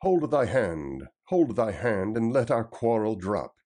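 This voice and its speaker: A man's voice: fairly low pitch, very animated, unhurried, warm tone. A man voicing a proud outlaw leader who speaks in a formal, emphatic, old-fashioned way. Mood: urging.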